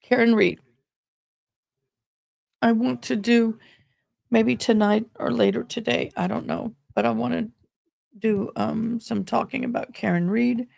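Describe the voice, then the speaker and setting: A middle-aged woman hosting a casual livestream about court cases, speaking haltingly with many pauses, grieving and close to tears. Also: on the high side, steady tone, creaky, darkish tone, no echo. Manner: halting, pausing often with ums. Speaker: courtroom commentary host.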